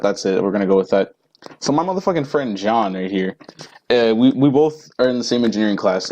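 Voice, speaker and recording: A man's voice: mid-range voice, darkish tone, low-quality recording. A teenage boy ranting casually to camera, rambling and profane with lots of fillers. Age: teens. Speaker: vlogger.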